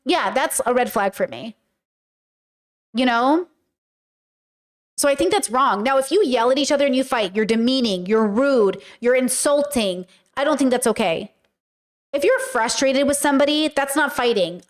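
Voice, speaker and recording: A woman's voice: sits high, expressive, normal speed. A woman hosting a podcast, talking frankly and casually to her viewers, with lots of fillers, casual swearing and acted-out quotes. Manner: chatty, frank, many fillers, acts out quoted speech. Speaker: podcast host.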